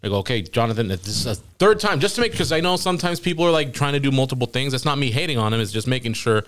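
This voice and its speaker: A man's voice: medium pitch, racing. A young man casually telling a long funny story on a podcast, acting out the voices of the people in it and laughing at times. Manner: animated storyteller quoting voices, laughing at his own story. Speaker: podcast guest.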